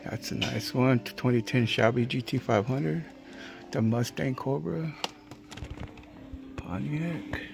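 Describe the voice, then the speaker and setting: Music runs underneath as this California man strolls a hobby store for his diecast collecting vlog, offering laid-back muttered comments and complaints about prices. He speaks slowly in a steady, gravelly mid-range voice, pausing often.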